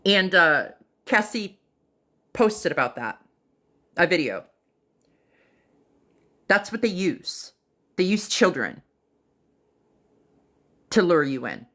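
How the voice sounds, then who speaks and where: A woman on a livestream telling a personal story casually and dramatically, pausing often, with fillers and acted-out quotes. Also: on the low side, very animated, a bit bright. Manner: dramatic retelling that acts out other people's lines; unhurried, with pauses and fillers.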